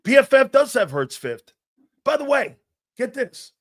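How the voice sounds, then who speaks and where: A man hosting a live sports talk show, brash and animated, talking back to his chat and laughing at himself. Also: extremely high pitch, measured pace.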